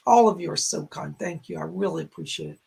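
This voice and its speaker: A man hosting a psychic live stream in a raspy, strained voice, relaying spirit messages in short, halting phrases. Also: a little high, warm tone. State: strained, hoarse voice. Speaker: psychic medium host. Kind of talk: live-stream chat and readings. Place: home in a rural area.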